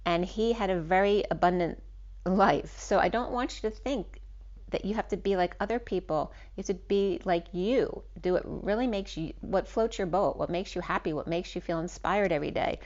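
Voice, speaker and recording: A woman with a fairly low voice talks her way through a spiritual tarot reading, rambling and restarting her words as she goes. The recording sounds dull and lo-fi. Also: moderate pace, a little mellow. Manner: rambling, with frequent restarts and ums. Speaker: tarot reader.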